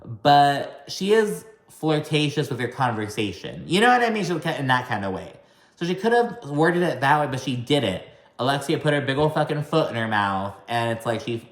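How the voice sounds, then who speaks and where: A man's voice: mid-range voice, roomy sound. A man giving a casual, profane and sassy recap of a reality TV episode, talking to camera. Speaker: recap commentator.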